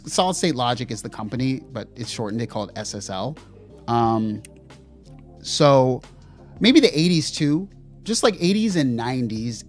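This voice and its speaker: A man co-hosting a gear podcast livestream in a casual chat, rambling with lots of fillers and self-deprecating asides. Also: medium pitch. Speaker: podcast co-host.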